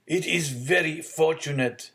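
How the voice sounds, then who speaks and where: Man playing a weak old dad, gentle, self-effacing, a bit higher than his own voice. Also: unhurried. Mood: weary. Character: frail, poor, gentle old father.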